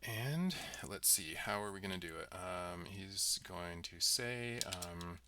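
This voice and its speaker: A man's voice: sits low, lively intonation, slow, hardly any pauses, a little hiss or hum. A man developing a game on a livestream, thinking aloud with many ums and let's sees as he works. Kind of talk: livestream coding walkthrough. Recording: distant mic with loud keyboard typing. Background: keyboard typing and mouse clicks.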